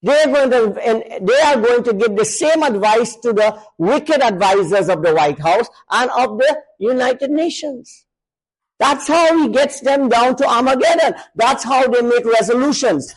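Man preaching a sermon, high voice, emphatic, loud then hushed. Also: expressive, measured pace, low-quality recording. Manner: emphatic, swings between raised and lowered voice.

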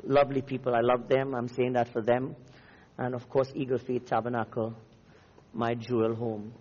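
A man's voice: mid-range voice, flat delivery, moderate pace, darkish tone, breathy edge, in a large hall, highs cut off. A man from Namibia preaching a fiery, declamatory sermon as a visiting preacher. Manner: fiery, declamatory, rising and falling.

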